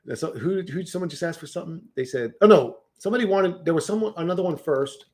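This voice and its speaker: A man's voice: fairly high pitch, lively intonation, fast talker, darkish tone. A man chatting casually on a livestream, rambling and swearing, often restarting his words.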